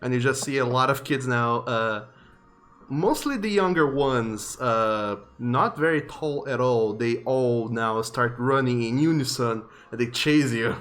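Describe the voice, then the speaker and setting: A man's voice: medium pitch, a little slow, fairly bright tone, soft background music. A man narrating as game master in a tabletop game, casual and loose, with plenty of fillers.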